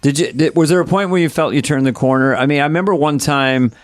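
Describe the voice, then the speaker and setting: A man's voice: fairly high pitch, fast talker. A man co-hosting a podcast, asking questions and reacting in a dry, brief way. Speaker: podcast co-host. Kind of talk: casual chat.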